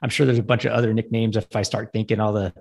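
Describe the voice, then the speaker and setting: A middle-aged firefighter on a podcast, chatting in a laid-back, halting way with lots of fillers. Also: male voice, on the low side, flat delivery, creaky, darkish tone, slightly rough. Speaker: podcast guest co-host, firefighter. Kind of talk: casual podcast chat.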